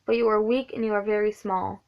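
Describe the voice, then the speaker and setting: A woman's voice: medium pitch, level tone, brisk, vocal fry, close to an everyday voice. Female reader voicing a shrewd older male doctor; plain storybook read, lo-fi. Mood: calm. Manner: read plainly in her own voice.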